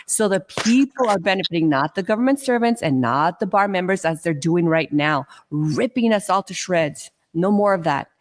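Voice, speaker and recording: A woman's voice: lowish voice, animated. Effusive woman giving a testimony. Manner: effusive and emotional, with halting restarts. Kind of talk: emotional testimony on a live audio chat.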